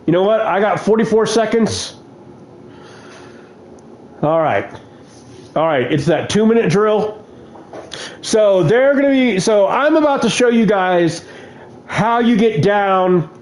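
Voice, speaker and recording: A man playing a football video game and commentating his plays, given to shouting at the game. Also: high voice, animated, takes it slowly, long pauses, reverberant, a little hiss or hum. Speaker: gaming video host.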